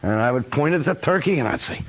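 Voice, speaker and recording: An older man giving a recorded lecture, animated and fond of acting out his examples in voices. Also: medium pitch, fast talker. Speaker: teacher.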